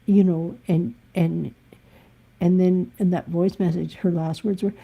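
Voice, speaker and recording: A woman's voice: on the low side, steady tone, measured pace, gravelly, husky, dull audio. A woman musician talking candidly and bluntly in a live-stream monologue. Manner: blunt, emphatic, occasionally swearing.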